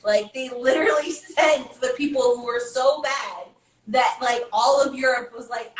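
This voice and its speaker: A woman's voice: high-pitched, normal speed, echoey room. A woman joining a casual podcast chat, blunt and laughing.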